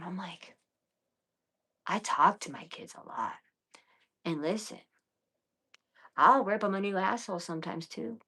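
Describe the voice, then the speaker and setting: A woman's voice: medium pitch, expressive, measured pace, long pauses, a bit bright, slightly rough. A woman in her thirties chatting casually on a late-night livestream, blunt and profane, often dropping into whispers and mutters. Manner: blunt, profane and defiant, talking to viewers. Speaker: livestream host.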